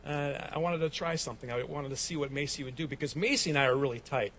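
A pastor preaches a sermon. His voice sits a little high for a man, and he tells stories with many restarts before rising to emphatic peaks. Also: fast, a bit bright, a little hiss or hum. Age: 40s.

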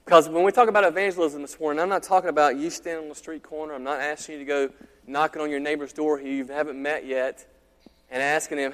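A man preaching a sermon as pastor, in a conversational, animated way with frequent restarts. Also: fairly high pitch, quick pace. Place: church sanctuary. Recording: long hall reverb.

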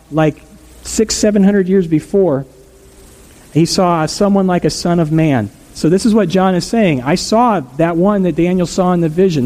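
Man preaching a chatty sermon, mellow voice. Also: a little high, rough recording. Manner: conversational, asks the congregation questions. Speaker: pastor.

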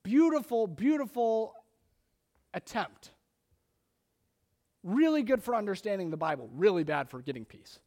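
A male pastor delivers a casual, animated sermon in a high voice. A gravelly fry runs through his words, and he often restarts his phrases mid-thought. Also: a little slow, pauses often. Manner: conversational and animated, with frequent restarts.

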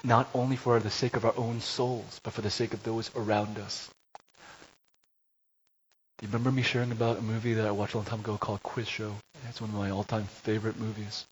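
A man preaching a sermon, telling a story and rising to loud, emphatic peaks. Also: fairly low pitch, level tone, fairly quick. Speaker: pastor. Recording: dull lo-fi recording with faint hiss.

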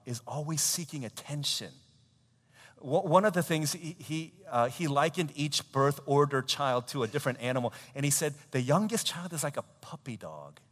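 A man in his thirties preaching a sermon, telling a family story in an animated way, with laughter and acted quotes. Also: mid-range voice. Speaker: pastor. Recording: long hall reverb.

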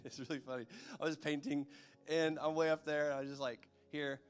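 A man's voice: a little high, steady tone, a little fast. Casual, chatty male preacher. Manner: conversational, checks in with the audience. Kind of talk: sermon.

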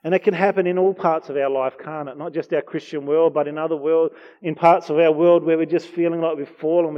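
A man preaching a heartfelt, earnest sermon. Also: on the high side. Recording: dull lo-fi recording.

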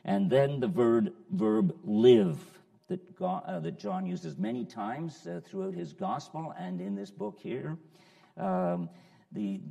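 A man leads a Bible study in a slow, deliberate way, repeating his key phrases. His voice is heavily gravelly and moves up and down a lot in pitch. A long hall reverb trails behind him. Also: dark tone. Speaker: Bible teacher.

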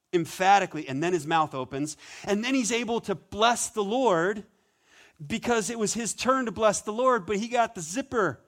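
A man preaching a sermon as pastor, conversational and animated, with playful asides. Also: high-pitched, brisk.

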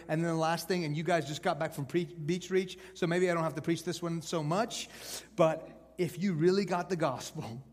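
Animated preacher man in a reverberant hall. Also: a little high. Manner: conversational, swings from hushed to loud emphatic. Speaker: evangelist preacher. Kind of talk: sermon to college students.

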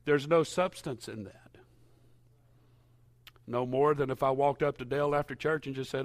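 A man preaching a sermon in a church, telling stories and at times rising to loud, impassioned shouting. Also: mid-range voice, brisk, pauses often. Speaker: pastor.

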